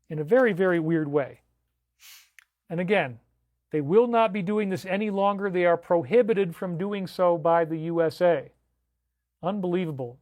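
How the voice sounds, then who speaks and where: Emphatic high-voiced man hosting a livestream. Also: no echo, clean studio sound. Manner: emphatic, incredulous, repeats phrases. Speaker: livestream host. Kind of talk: livestream commentary.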